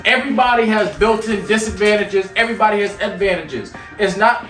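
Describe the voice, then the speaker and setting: High-voiced energetic motivational speaker man. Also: brisk. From York, Pennsylvania. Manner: energetic and preachy, with teasing banter. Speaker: motivational speaker and show host. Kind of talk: casual motivational talk while cooking. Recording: echoey room, mic at a distance, music underneath.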